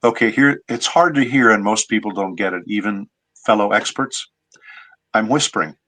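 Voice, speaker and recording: A man's voice: fairly low pitch, normal speed, pushed and bright, rough recording. A middle-aged man, a voice actor guest, explaining his craft in a patient, teacherly way during a casual interview.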